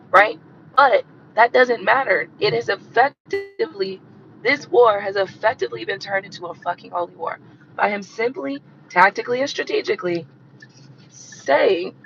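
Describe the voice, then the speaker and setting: A woman hosting a live stream who rants bluntly and profanely and repeats herself for emphasis, her voice hoarse and coughing from a cold. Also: on the high side, fairly bright tone, muffled recording, a little hiss or hum. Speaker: tarot reader hosting a livestream.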